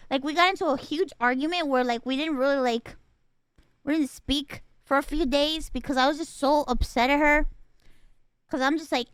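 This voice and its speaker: A woman's voice: sits high, fairly even intonation, brisk, a bit bright, no room sound. A woman streamer telling a story in casual chat, emotional and rambling, swearing freely.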